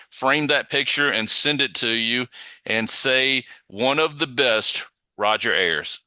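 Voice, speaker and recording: A man's voice: medium pitch, bright, forceful tone, clean tone, no room sound. A man hosting a casual sports podcast interview, asking in an easygoing, rambling way. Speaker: podcast host.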